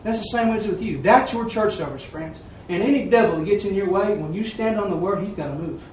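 A man preaching as a layperson relates a folksy church-service testimony in a high but somewhat dark-toned voice, talking fast and dramatizing every bit of dialogue. He's captured from well off the mic, leaving a ringing, echoey church sound over a faint hiss.

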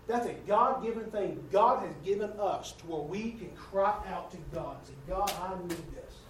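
Male preacher, high voice, folksy storyteller with big swings from loud to soft, recorded from a distance in a roomy church. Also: lively intonation, normal speed, slight background noise. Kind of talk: sermon. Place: church sanctuary. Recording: echoey room heard from a distance.

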